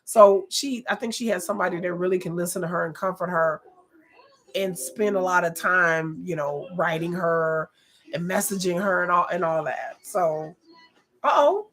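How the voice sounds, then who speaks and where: A woman hosting a reaction video, talking in a casual, animated and blunt way, often exclaiming and laughing as she comments. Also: on the low side, moderate pace.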